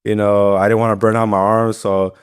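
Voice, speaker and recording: A man's voice: lowish voice, little pitch movement, fairly quick, clean tone. A young man, a fighter, telling his story in a casual interview, rambling with lots of fillers and swearing freely. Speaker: guest, professional MMA fighter.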